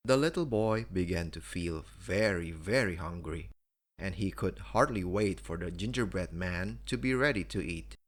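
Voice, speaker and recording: A man reading a children's bedtime story aloud, with expressive storybook narration. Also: low voice, normal speed.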